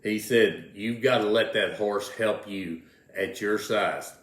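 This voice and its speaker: An older man, a guest in an interview, tells folksy rodeo stories casually and repeats words as he goes. His voice is lowish and a bit bright, and he speaks slowly. The room gives the recording a noticeable echo.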